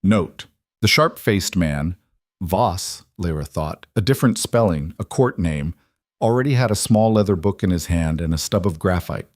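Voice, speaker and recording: A man narrating a fantasy romance audiobook in a calm, measured storytelling manner. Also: sits low, dry recording, studio quality.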